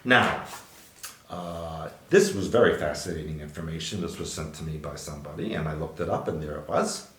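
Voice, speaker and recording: A man's voice: very deep voice, brisk, a bit bright. A man co-hosting a podcast, reading news items aloud and adding dry, joking asides. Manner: reads headlines aloud with wry asides. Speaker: podcast co-host. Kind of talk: casual news commentary. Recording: roomy echo.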